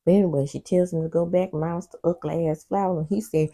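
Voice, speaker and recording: A woman's voice: fairly low pitch, fairly even intonation, quick pace, hardly any pauses, mellow. A woman doing a casual TV recap vlog, sassy and talking back at the characters, with personal side stories. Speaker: TV recap host.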